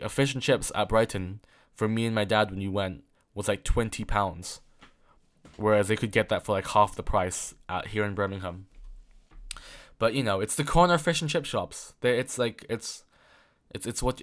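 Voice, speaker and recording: A young man in his late teens from England, talking alone in a rambling podcast, full of fillers and repeated words. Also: lowish voice. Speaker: podcast host. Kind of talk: solo rambling chat.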